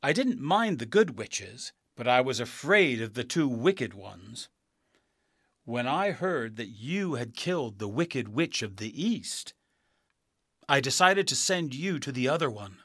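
A man voicing a kindly old man who poses as a wizard, apologetic and gently explaining, in a storybook reading. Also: mid-range voice, big pitch swings, a little slow, husky, no echo, clean studio sound, heavily acted.

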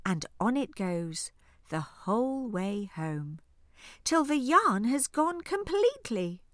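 A woman narrating a rhyming children's storybook in an expressive, sing-song studio reading. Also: a little high, slow, no room sound. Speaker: audiobook narrator. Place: recording studio. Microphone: studio microphone.

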